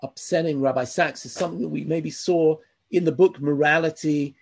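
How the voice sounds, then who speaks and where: A man giving a lecture, reading from a text and breaking off to comment in an earnest, emphatic way. His voice sits a little high but sounds dark and mellow, with a husky edge. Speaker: teacher.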